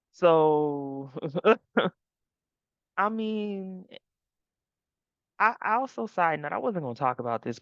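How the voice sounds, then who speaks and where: A woman's voice: low voice, creaky, dry recording, highs cut off. A woman host recapping a reality TV episode in casual commentary, chatty and laughing often.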